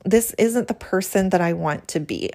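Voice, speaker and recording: Earnest woman with a gravelly fry. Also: lowish voice, normal speed, a little mellow. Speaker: podcast host. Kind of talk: reading a healing prayer from her journal.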